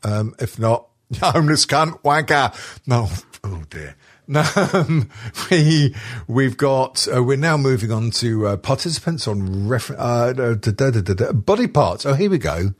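A man's voice: mid-range voice, big pitch swings, a little slow. A man hosting a casual podcast, reading a list aloud with constant swearing and jokes. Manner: swears constantly, jokey, laughs often.

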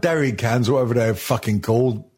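A husky-voiced man in a casual podcast chat. He rants in a sarcastic, sweary way. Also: medium pitch, brisk, darkish tone. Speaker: podcast co-host.

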